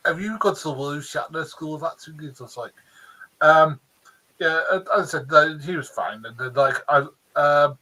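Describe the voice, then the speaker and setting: A man's voice: on the high side, moderate pace, bright, forceful tone, rough recording. A man co-hosting a casual TV review chat, blunt in his opinions and often restarting his sentences. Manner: blunt, restless, full of restarts. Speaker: co-host of a TV review show.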